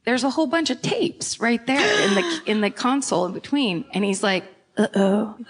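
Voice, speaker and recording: A woman's voice: on the high side, lively intonation, brisk, a bit bright. An American woman co-hosting a comedy podcast, telling a story with lots of swearing and laughs mid-sentence. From United States. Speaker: podcast co-host. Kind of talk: comedic storytelling before a live audience.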